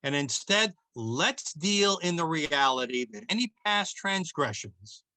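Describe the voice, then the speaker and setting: Guy doing a fiery scripted monologue, bright forceful voice, slows way down for big dramatic lines, dry close sound. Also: a little high, big pitch swings, no echo, rough recording. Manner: declamatory, emphatic, with dramatic slow pauses. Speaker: talk show host. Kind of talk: scripted political commentary.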